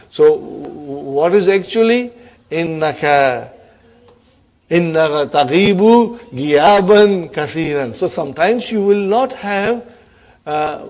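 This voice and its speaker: A man teaching an online Arabic grammar class, encouraging his students and often checking in with a quick "huh?". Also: fairly high pitch. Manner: addresses students as brothers and sisters.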